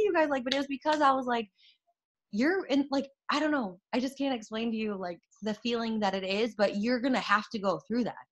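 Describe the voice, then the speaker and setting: Young woman hyping up her followers, kinda high voice, super chatty and excited, says like a lot. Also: a little fast. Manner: excitable, chatty, full of fillers and laughter. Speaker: network marketer sharing her success story. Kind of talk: casual motivational talk to followers.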